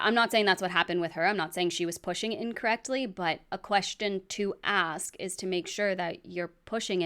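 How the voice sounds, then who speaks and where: A woman's voice: lowish voice, fairly bright tone. A woman giving critical commentary on a vlog, explaining things in a matter-of-fact way with sardonic asides.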